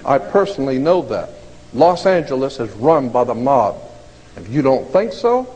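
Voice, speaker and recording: A man's voice: medium pitch, very animated, moderate pace, dark tone. A man, a guest on a talk program, earnestly recounting a personal story and repeating key points for emphasis. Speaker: guest telling his story.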